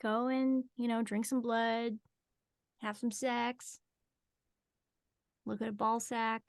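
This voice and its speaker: A woman with a fairly high voice jokes and teases through a book chat on a video call. She talks slowly and draws her words out, and the sound is dry and close. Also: level tone, creaky, clear, resonant tone, no echo. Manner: teasing, joking, drawn-out speech. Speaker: podcast co-host.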